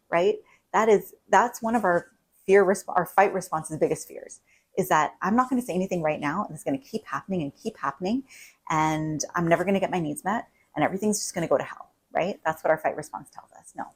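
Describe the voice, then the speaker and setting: A woman's voice: fairly low pitch, husky, low-quality recording. A woman couples therapist explaining things in a casual, conversational way, often tagging on "right?". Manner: conversational, many "like" and "right?" asides. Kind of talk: casual advice talk to camera.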